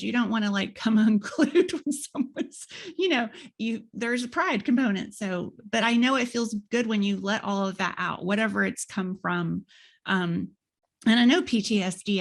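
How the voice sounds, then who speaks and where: Chatty woman podcast host, mid pitch. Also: gravelly. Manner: rambling, with many fillers and restarts, chatty. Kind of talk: casual interview chat.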